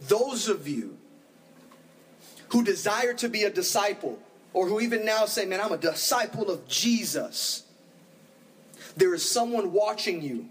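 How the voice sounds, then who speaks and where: A man preaching a sermon as pastor, animated, acting out the voices of his congregation. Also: sits high, far from the mic, rough recording.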